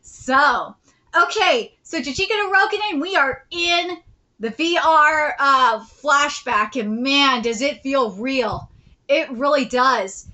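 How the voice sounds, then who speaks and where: Bright, high-voiced woman hosting a manga reaction. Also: slow pace, rough recording. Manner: chatty, many fillers, excitable. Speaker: host. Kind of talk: live manga reaction, reading aloud.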